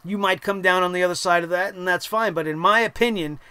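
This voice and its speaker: A young man hosting a wrestling show, giving a casual, animated recap full of profane, laughing asides. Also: high-pitched, fast talker, clean tone, no echo.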